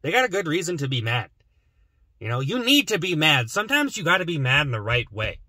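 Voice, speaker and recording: A man's voice: a little high, very animated, a little fast, bright, forceful tone, no room sound, clean studio sound. A young man rambling and joking to camera while sitting in his parked car. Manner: rambling, joking, mumbles asides. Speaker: vlogger. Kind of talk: rambling comedic car vlog.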